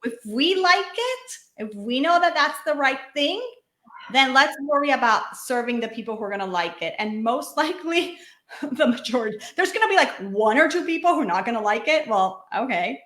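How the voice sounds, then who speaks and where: Bright, high-voiced woman host in an echoey room. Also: animated, moderate pace. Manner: emphatic, encouraging, preachy asides. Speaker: podcast host and money coach. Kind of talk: casual interview chat.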